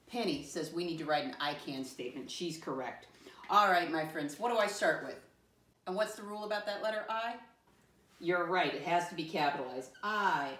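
Woman, first grade teacher, encouraging, slow and clear, lowish voice, roomy distant sound. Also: fairly bright tone. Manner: encouraging, slow and clear, spells words letter by letter. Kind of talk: classroom lesson to young children.

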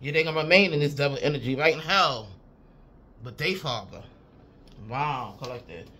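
A woman in a loose, profane spiritual reading with a bright, forceful edge to her voice. She hammers her points with repeated phrases and breaks into chuckles as she goes. Her delivery is emphatic and casual rather than polished. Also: deep voice, expressive, moderate pace, breathy edge. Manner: profane, emphatic, repeats "I'm telling you"; chuckles often while talking. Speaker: intuitive reader.

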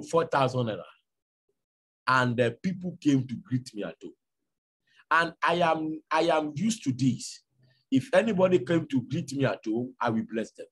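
A man's voice: medium pitch, breathy edge. A man with a Nigerian accent preaching a sermon, telling stories and acting out conversations. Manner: storytelling, animated, acts out dialogue. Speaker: pastor.

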